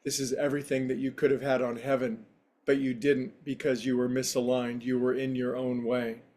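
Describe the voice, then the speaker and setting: A man's voice: mid-range voice, flat delivery, moderate pace, a little mellow, close to an everyday voice. A man doing a breezy, offhand angel guide.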